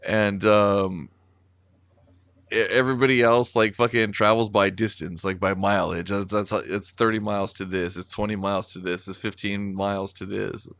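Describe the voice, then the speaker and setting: A man's voice: on the low side, fairly even intonation, normal speed, a bit bright, dry recording. A man co-hosting a podcast, telling a rambling story casually with lots of swearing and filler words. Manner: rambling, profane, many fillers. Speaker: podcast co-host.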